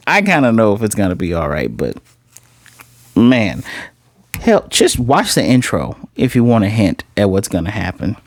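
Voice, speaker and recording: A man casually recapping and reviewing an anime episode, animated, slipping into quoted dialogue as he retells scenes. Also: lowish voice, moderate pace, dry recording, studio quality.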